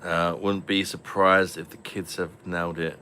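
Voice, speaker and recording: A man with a low, bright voice chats casually over beers on a home stream. He swears freely, laughs often and drifts into rambling anecdotes. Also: flat delivery, moderate pace, slight background noise. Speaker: host of an online pub stream.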